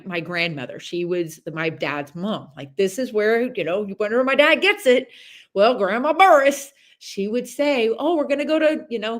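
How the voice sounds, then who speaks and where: Chatty animated woman giving motivational talk. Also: medium pitch. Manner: chatty and animated, many restarts and asides. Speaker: podcast host. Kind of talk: casual motivational monologue.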